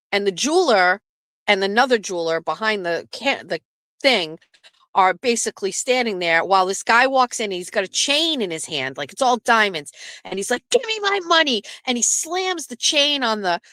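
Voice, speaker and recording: Hosting a laid-back live stream, a woman with a voice on the high side tells a story full of swearing and acted-out quotes. She's lively throughout, and the recording is studio quality with no room sound.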